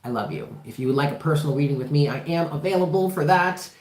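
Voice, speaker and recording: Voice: medium pitch, fast, a little mellow. A tarot reader doing a livestreamed reading in an emphatic, impassioned way, swearing freely and repeating phrases for emphasis. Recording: roomy echo.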